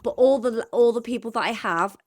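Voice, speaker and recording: A woman's voice: fairly high pitch, a little fast, a little mellow, no echo, clean studio sound. A young woman co-hosting a podcast with her partner, chatting casually and bluntly. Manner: blunt, matter-of-fact. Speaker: podcast co-host. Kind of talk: casual chat.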